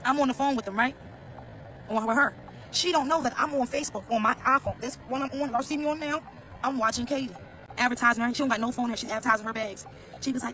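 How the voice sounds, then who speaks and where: High-voiced fast-talking New man. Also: bright, forceful tone, low-quality recording. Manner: blunt, profane, slangy storytelling; repeats phrases, talks straight to viewers. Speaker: vlogger. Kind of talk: casual storytime rant.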